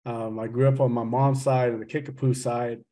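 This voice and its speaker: A man's voice: mid-range voice, flat delivery, normal speed, mellow. Teasing man with a slight Southern drawl. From Oklahoma. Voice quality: chatty, teasing, loose and joking. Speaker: associate professor and speaker. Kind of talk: casual lecture on a video call.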